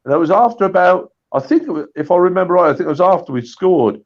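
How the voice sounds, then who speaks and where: A man swapping old anecdotes in a casual chat, animated and full of restarts. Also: high-pitched, fast talker, lo-fi sound. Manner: animated storytelling with repeated restarts. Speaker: guest storyteller.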